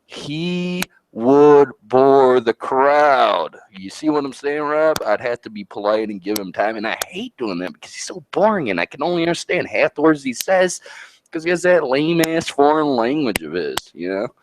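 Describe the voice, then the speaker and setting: A man rants with brash, boastful, profane trash talk in the manner of a wrestling promo. His voice sits at an ordinary middle pitch. A faint hiss of noise runs under the recording. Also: very animated, a little fast. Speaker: co-host.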